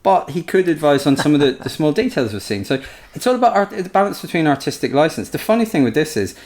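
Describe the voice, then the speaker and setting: A man co-hosting a history podcast, a historian chatting casually and acting out anecdotes in quick put-on voices. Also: fairly high pitch. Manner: chatty, storytelling, animated impressions.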